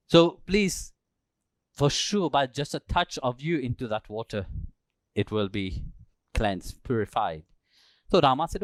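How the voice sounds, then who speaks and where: Animated, fairly high-voiced male spiritual teacher. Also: measured pace, pauses often, no room sound. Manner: animated storytelling, acting out characters. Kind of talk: storytelling sermon. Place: temple, live talk.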